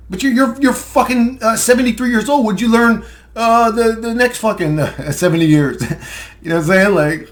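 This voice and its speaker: Man, high-pitched, young adult, ranting, profane, sarcastic, laughs mid-sentence. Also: sing-song, normal speed. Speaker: conspiracy video ranter.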